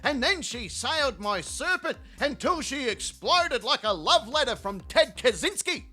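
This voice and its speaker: A man with a very high, bright voice delivers a profane, mocking comedy rant. His pitch swings widely as he jumps between tangents. Faint music plays underneath. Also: sing-song, a little slow. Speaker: channel host.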